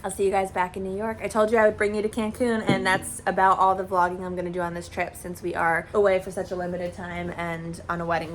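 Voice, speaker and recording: A woman's voice: fairly low pitch, slight background noise. A woman in her thirties chatting casually in a vlog, reflective and friendly, at a beach resort. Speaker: vlogger.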